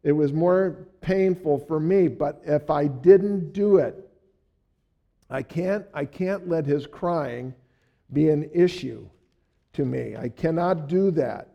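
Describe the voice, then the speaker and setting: Slow, gravelly older preacher man. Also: fairly high pitch, muffled recording. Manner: rambling, chuckling often. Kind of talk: storytelling sermon.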